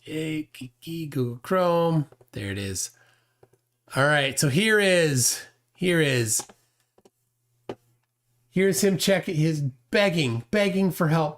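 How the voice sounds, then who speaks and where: A man's voice: fairly high pitch, expressive, takes it slowly, pauses often, a bit bright. A man hosting a live stream, talking in a mocking, sarcastic way. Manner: mocking, sarcastic, acts out mock dialogues. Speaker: host.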